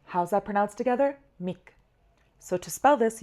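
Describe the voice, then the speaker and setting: A woman teaching a language lesson, walking through spelling slowly step by step and repeating each example. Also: mid-range voice, darkish tone. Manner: patient, slow step-by-step spelling drills.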